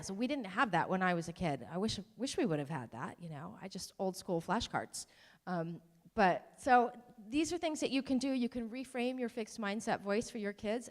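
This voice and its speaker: A woman giving an informal talk to parents, conversational, with ums and self-deprecating asides. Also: medium pitch. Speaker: presenter at a parent workshop. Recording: long hall reverb.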